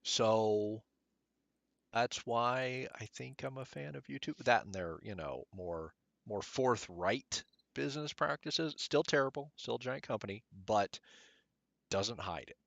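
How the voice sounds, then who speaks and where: A man streaming a game, chatting casually and rambling as he thinks out loud. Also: medium pitch, unhurried, vocal fry, dry recording, highs cut off. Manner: mutters at the game.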